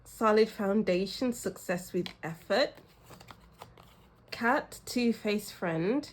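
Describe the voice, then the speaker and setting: A woman's voice: medium pitch, expressive, slow pace. A woman giving a casual pick-a-card tarot reading, effusive and emotional, laughing often as she talks straight to the viewer. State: teary at times. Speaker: tarot reader.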